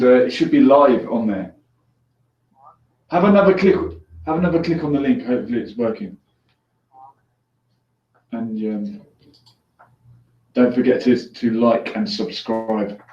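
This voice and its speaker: A man's voice: mid-range voice, animated, measured pace, long pauses, a little mellow. A man hosting a call-in show, chatting casually with callers, joking and laughing easily. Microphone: headphones on, mic at a distance. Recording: echoey room, distant dull lo-fi mic.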